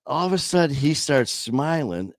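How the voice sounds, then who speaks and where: Speaking in a slightly high, sing-song voice at normal speed, a male podcast host recounts a personal story in a blunt, profane, casual way. He keeps restarting and trailing off, and the studio-quality recording is dry.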